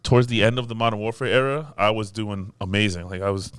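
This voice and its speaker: A man with a lowish, smooth voice talks casually on a gaming podcast. He is easygoing and restarts sentences with repeated words. The sound is dry and close-miked. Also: fairly even intonation, quick pace, no echo. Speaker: podcast co-host. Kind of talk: casual chat.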